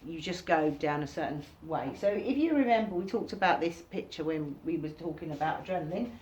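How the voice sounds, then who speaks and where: A woman giving an informal recorded workshop lesson, talking casually and acting out reactions in sudden high bursts. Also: animated, a little fast, background noise. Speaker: workshop teacher.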